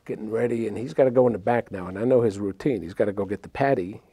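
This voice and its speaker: A man's voice: fairly low pitch, fast talker, mellow, breathy edge, no room sound. A man, a talk-show guest animatedly telling a childhood story and acting out the voices. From New York City. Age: 60s.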